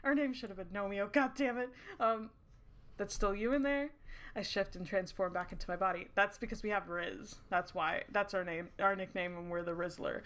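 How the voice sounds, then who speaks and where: A woman streaming a story game, reading its lines aloud and reacting with animated, giggly, casual chatter. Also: mid-range voice, normal speed. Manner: giggly, animated, swears casually, breaks into laughter.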